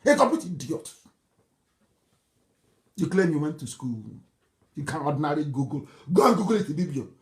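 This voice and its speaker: A man's voice: fairly high pitch, very animated, brisk, pauses often. Nigerian guy ranting on a live broadcast, fiery and mocking, keeps laughing at his critics. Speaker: political broadcaster. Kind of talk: impassioned live broadcast speech.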